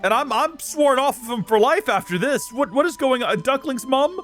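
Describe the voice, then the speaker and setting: Animated, exasperated gaming host, man. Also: extremely high pitch, moderate pace, soft background music. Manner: exasperated, joking, rambling. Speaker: let's play host. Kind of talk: game commentary.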